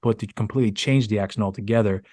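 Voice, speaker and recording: A man's voice: fairly low pitch, rapid-fire, warm tone, no echo, studio quality. A man hosting a podcast interview, asking long winding questions with many restarts. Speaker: podcast host. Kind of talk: casual interview chat.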